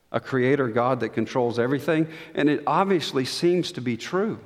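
A man's voice: mid-range voice, animated, moderate pace, few pauses. A man preaching an expository sermon and reading scripture aloud, emphatic, his voice climbing on the quoted questions. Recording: long reverb of a large hall.

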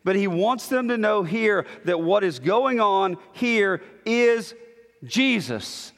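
Emphatic high-voiced male preacher. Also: expressive, takes it slowly. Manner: emphatic, repetitive declarations, swings from loud to hushed. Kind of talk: sermon. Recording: long hall reverb.

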